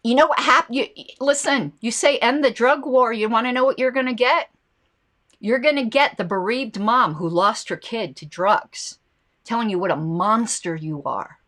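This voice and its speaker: Woman, show host, casual political commentary, animated, responds to viewer comments. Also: on the high side, normal speed. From United States. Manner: animated, reacting to chat comments and ads.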